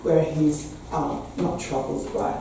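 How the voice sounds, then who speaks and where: A woman's voice: low voice, fairly even intonation, slow, noisy background. A woman in her sixties with an English accent, a parish priest giving a candid, wry talk with frequent laughter. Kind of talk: speech to a meeting. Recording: echoey hall from far off.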